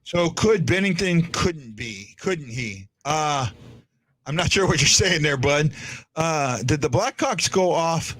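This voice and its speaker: A man's voice: fairly high pitch, expressive, slow pace, a bit bright, no room sound. A man hosting a casual sports podcast, chatty, often stumbling and repeating words as he talks. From United States. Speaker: podcast host.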